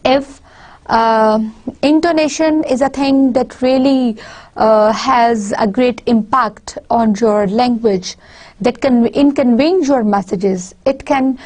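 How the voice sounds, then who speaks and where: High-voiced Pakistani woman lecturing. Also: a little mellow. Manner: explains step by step with spoken examples, frequent restarts. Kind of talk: university lecture.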